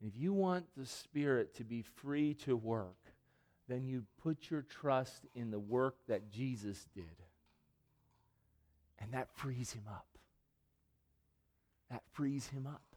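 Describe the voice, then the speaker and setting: A male pastor delivers a sermon, shifting from casual asides to the congregation into loud, emphatic passages whenever he quotes scripture. His voice sits in the middle range, and he speaks slowly with long pauses.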